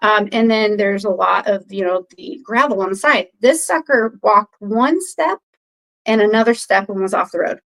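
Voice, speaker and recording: A woman's voice: medium pitch, moderate pace, low-quality recording. A woman guest telling a story in casual chat, rambling with many fillers and acting out other people's quoted lines. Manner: animated retelling, acts out others' quoted lines. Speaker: podcast guest.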